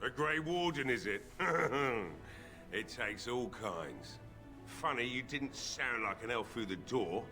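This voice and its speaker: A man voicing a gruff, bitter old village blacksmith who is drunk, with a weary drinker's drawl, in a video game. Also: medium pitch, animated, slow, sharp tone, faint music behind, full character voice. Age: older.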